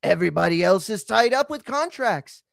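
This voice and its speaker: A man's voice: high-pitched, expressive, normal speed, gravelly, no echo, studio quality, pitched above the performer's own voice, full character voice. A man voicing a scheming middle-aged British boxing promoter, in an exaggerated mock British accent full of slang. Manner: exaggerated cockney slang, sly persuading.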